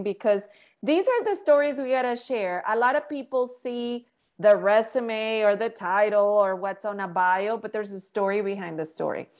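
A woman in her forties from Colombia, a guest in a casual interview, telling her story in a lively way and laughing easily. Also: mid-range voice. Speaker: guest, entrepreneur.

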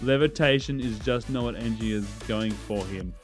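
A man's voice: medium pitch, moderate pace, soft background music. A man streaming a video game live, bantering and joking with his chat in a sarcastic, playful way and laughing often.

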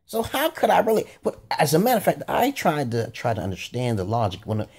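A man's voice: on the high side, wildly swooping pitch, brisk, darkish tone, husky. A man talking in a profane, rambling monologue, cursing heavily and breaking into laughing asides. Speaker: vlogger.

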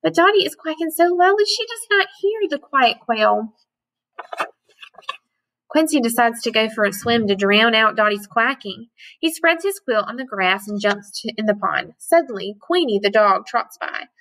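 A woman teacher giving a gentle, patient letter lesson to young children and reading a picture book aloud. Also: fairly high pitch, lively intonation, low-quality recording. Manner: gentle and patient, with slow drawn-out sounds.

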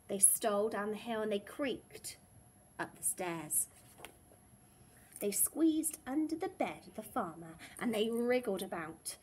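A woman teacher reading a picture book aloud to young children in a gentle, expressive storytelling way. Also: medium pitch, slight background noise.

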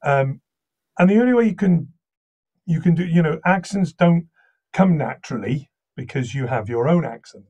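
A man with a slight Welsh accent, from Wales, chatting casually as a guest voice actor and telling lively anecdotes. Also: fairly high pitch, normal speed, husky, lo-fi sound. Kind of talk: casual interview chat.

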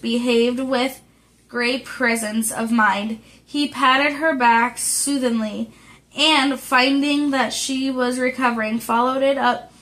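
A woman reading a classic novel aloud as an audiobook, careful and measured with small slips. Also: on the high side, fairly bright tone, poor audio. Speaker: audiobook reader.

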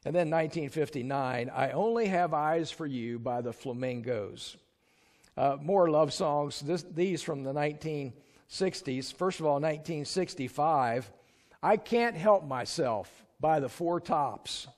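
A man preaches in a church in an easy, talky way, as if chatting with the people in the pews. His voice sits a little on the high side. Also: measured pace, darkish tone. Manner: conversational, chuckles and sings snatches to the congregation. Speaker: pastor. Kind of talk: sermon. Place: church sanctuary.

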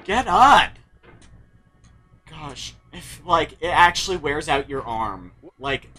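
A man playing a game on camera, yelling at it in frustration and then muttering. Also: a little high, lively intonation, a little slow, soft background music. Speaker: game player. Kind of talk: let's play commentary.

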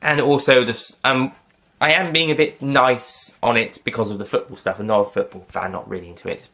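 A man's voice: mid-range voice, fairly bright tone. A man giving a casual, rambling spoken film review, correcting himself often and dropping in light jokes. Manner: rambling, self-correcting, light joking asides.

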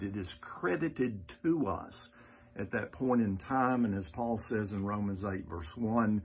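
Male pastor, husky low voice, measured earnest teaching, podcast host.

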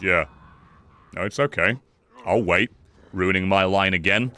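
A man streaming a game, giving excitable live commentary, swearing, laughing and yelling at the screen. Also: fairly low pitch, measured pace, long pauses, faint music behind. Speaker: gaming streamer.

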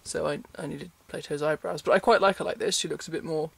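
This man's voice is on the high side, gravelly, husky, and a bit bright, with a steady tone, quick pace, and no echo. Lying in bed in his bedroom at night, he chats casually to camera in a rambling, self-deprecating vlog, frequently giggling.

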